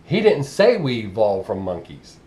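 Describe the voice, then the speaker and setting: A man's voice: fairly low pitch, wildly swooping pitch, moderate pace, a little mellow. A man with a Southern US accent, ranting bluntly and profanely in a casual vlog monologue. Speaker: vlogger.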